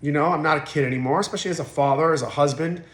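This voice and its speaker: A man's voice: on the high side, rapid-fire, fairly bright tone. Candid man in his forties, roomy sound. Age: 40s. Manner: emotional, blunt and profane, many restarts. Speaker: podcast guest. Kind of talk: candid interview conversation. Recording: roomy echo.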